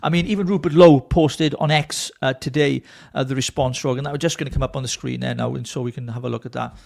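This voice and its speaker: A man's voice: mid-range voice, steady tone, fast talker, creaky. A man from Britain co-hosting a political talk show, ranting angrily and swearing. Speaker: co-host.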